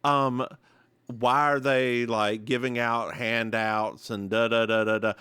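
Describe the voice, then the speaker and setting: A man with a Southern US accent co-hosting a podcast, recapping a TV episode in casual chat with animated, sassy asides. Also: mid-range voice, takes it slowly, clean tone, dry recording. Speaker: podcast co-host.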